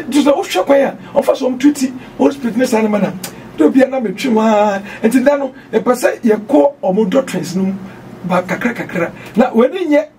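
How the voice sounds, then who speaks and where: A man with a Ghanaian accent preaching on doctrine, emphatic, mixing Twi and English and at times shouting. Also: extremely high pitch, distant mic, a little hiss or hum.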